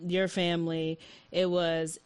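A woman hosting a casual conversation, speaking haltingly and agreeing often. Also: on the low side, little pitch movement, a little mellow, smooth, no echo, low-quality recording. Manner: halting, agreeable, many short backchannels.

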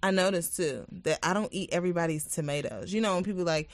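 A woman's voice: on the low side, quick pace, no room sound. A woman co-hosting a podcast, talking in a playful, slangy, chatty way. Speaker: podcast co-host. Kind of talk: casual chat.

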